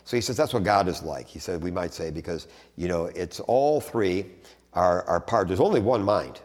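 A man giving a conversational theology lecture, restarting phrases and stressing points with sudden animated rises. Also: sits low, normal speed. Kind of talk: teaching talk on theology. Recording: long hall reverb.

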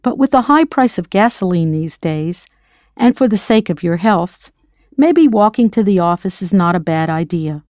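A patient, encouraging American woman leads a scripted audio language lesson, prompting the listener to answer. Her voice sits at a middle pitch. The sound is close and dry, with no room around it. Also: expressive, normal speed, a little mellow, dry recording. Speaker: language teacher.

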